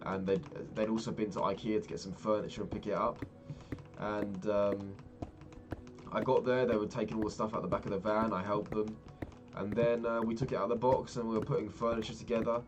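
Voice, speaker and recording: A man's voice: fairly low pitch, flat delivery, fairly quick, highs cut off, over music. A young man chatting casually and rambling, swearing freely as he tells a story while playing a game. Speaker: vlogger. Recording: keyboard clicks and typing behind. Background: keyboard clicks.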